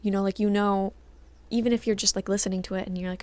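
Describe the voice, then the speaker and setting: A woman's voice: mid-range voice, fairly even intonation, fast, darkish tone. A woman reviewing movies in a casual video commentary, chatty and full of filler words.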